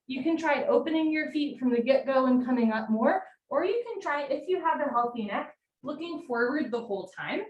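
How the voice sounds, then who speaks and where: A young woman teaching a live yoga class, giving brisk step-by-step cues and getting breathy as she does the poses along with the class. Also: a little high, a little mellow. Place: room at home, live video call. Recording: roomy sound from far off the mic, faint hiss.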